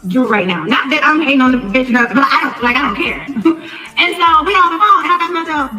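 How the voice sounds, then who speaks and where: A woman podcaster telling a story in a casual rant, animated, acting out the lines of the people she quotes. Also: high-pitched, fairly quick, faint music behind, low-quality recording. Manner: animated, acts out quoted dialogue. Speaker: podcast host.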